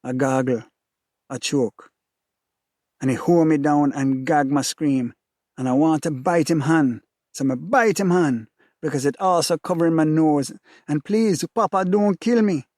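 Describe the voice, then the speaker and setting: A man with a Jamaican accent reads in a rhythmic, repeating cadence with a somewhat high voice. The sound is close and dry, with no room to speak of. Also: unhurried, darkish tone, no echo. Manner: rhythmic, repetitive, intense. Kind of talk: dramatic reading of a novel in first person.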